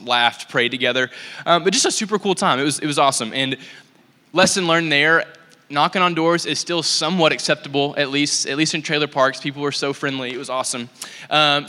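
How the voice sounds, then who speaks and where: A young man tells stories from the stage of a church in a loose, chatty way, with plenty of likes and ums. His voice is bright and forward, and a long hall reverb trails after each phrase. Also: on the high side. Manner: casual, animated, full of likes and ums. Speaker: church speaker. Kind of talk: storytelling sermon talk.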